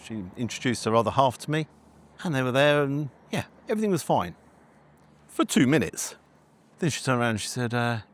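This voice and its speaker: Lively man telling a story. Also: mid-range voice, brisk. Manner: animated, acts out conversations. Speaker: food reviewer. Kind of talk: storytelling vlog.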